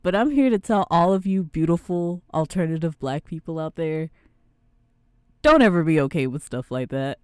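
A young woman from the American South hosting a casual podcast chat, animated and prone to mimicking other people's voices. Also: deep voice, moderate pace, clear, resonant tone, no room sound, studio quality. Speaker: podcast host.

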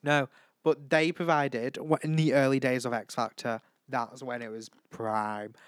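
A teenage man chats away in a casual, gushing, camp manner. His voice is smooth and clean at a middling pitch. The sound is dry and close. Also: little pitch movement, unhurried, dry recording. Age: teens. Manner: chatty, gushing, camp, breaks into impressions and sung snippets. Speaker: vlog host. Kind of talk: casual chat.

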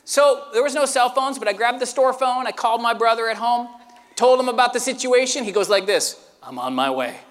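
A man preaching a sermon who tells a lively story and acts it out with sound effects. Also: extremely high pitch, a little fast, long reverb tail. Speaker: pastor.

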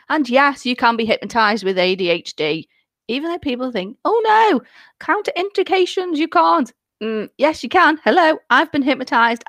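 A middle-aged woman, a celebrant and hypnotherapist, chatting as a guest in a lively, jokey way. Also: on the high side, no echo, studio quality. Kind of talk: casual chat.

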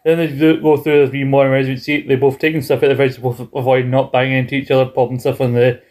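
A man's voice: medium pitch, fast talker. A man co-hosting a podcast, chatting casually and animatedly as he recaps a sitcom episode and acts out quotes. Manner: animated, reads out scene quotes in put-on voices. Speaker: podcast co-host.

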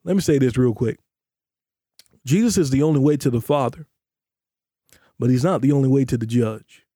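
A man preaching a sermon on a podcast, with emphatic delivery that slows down to stress scripture. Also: mellow, no echo, studio quality. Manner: emphatic preaching, voices imagined questioners in a high pitch. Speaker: pastor.

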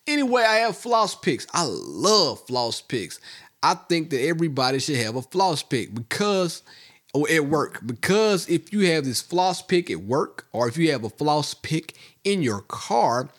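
A man co-hosting a podcast, bantering playfully with his wife and defending himself in an animated way. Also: on the high side, measured pace. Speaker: podcast co-host. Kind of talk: casual couple's banter.

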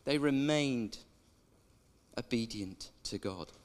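A man's voice: mid-range voice, slow. A man preaching a sermon in a chatty way, drawing in the congregation with questions. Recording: echoey church hall.

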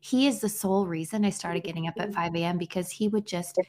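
A woman in her thirties shares a story on a podcast in an earnest, conversational way. Her voice sits on the low side, and she often restarts her sentences as she goes. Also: fairly even intonation, fast talker, a little mellow. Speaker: podcast co-host. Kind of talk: casual heartfelt conversation.

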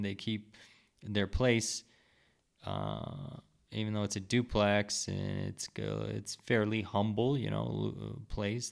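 A man hosts a podcast with a low, gravelly voice full of fry. He tells his story in a candid, profane, self-mocking way, casually and without polish. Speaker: podcast host.

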